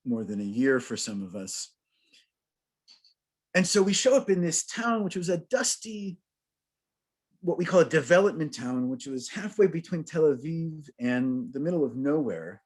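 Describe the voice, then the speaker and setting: An American man, a rabbi, giving a storytelling sermon to a congregation with humor and lively questions. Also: mid-range voice. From United States.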